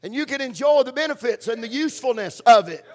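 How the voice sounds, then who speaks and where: A man preaching a sermon in a church, stressing points by slow repetition. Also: very high voice, lively intonation, darkish tone.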